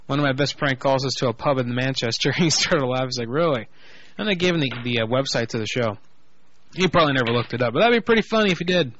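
A man's voice: mid-range voice, expressive, fast, fairly bright tone, muffled recording, slight background noise. A young man hosting a prank call internet radio show, crude and joking, swearing often. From Orlando, Florida. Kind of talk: casual internet radio banter.

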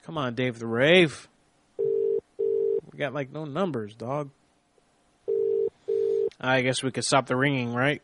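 A man's voice: medium pitch, unhurried, long pauses, fairly bright tone, no room sound. A man hosting a live call-in prank show, talking in a rambling, off-hand way with some swearing. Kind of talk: casual live-stream talk.

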